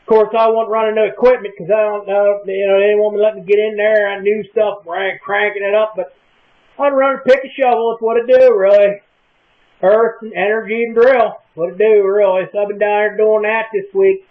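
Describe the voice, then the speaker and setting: A man rambling in a folksy, drawn-out small-town way in a casual comic monologue. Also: sits high, level tone. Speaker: comic vlogger in character. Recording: tinny phone-like lo-fi recording.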